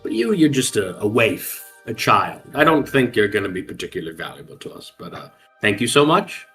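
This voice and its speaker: A man's voice: lowish voice, sing-song, fairly quick, a bit bright, faint music behind. A man voicing a smug, self-important man-child who talks down to others. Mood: condescending. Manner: condescending, pompous.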